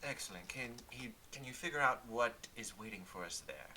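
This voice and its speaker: Bright-toned man with typing behind. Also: mid-range voice, expressive, a little fast. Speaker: player. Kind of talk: tabletop game play, casual.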